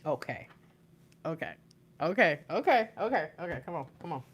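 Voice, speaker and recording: Excitable low-voiced woman reading tarot. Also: normal speed, pauses often, slight background noise. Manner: excitable, exclaims and repeats herself. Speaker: tarot reader. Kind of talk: live intuitive tarot reading. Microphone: plugged-in microphone.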